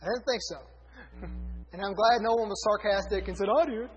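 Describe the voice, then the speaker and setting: This sermon comes from a man with a high-pitched voice speaking at normal speed; he addresses his congregation conversationally, reads from scripture and corrects himself now and then. It was captured in a reverberant hall on a dull, lo-fi recording.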